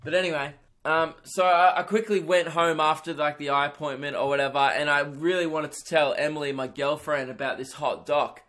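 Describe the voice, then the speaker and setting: A young man hosting a comedy podcast, telling a crude, self-mocking story in an animated stand-up style. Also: a little high, a little fast, hardly any pauses.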